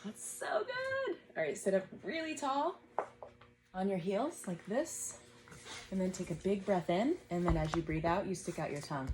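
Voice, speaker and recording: A woman in her thirties teaching a gentle yoga class at home, guiding breaths patiently and encouragingly. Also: fairly low pitch, a little fast, very noisy.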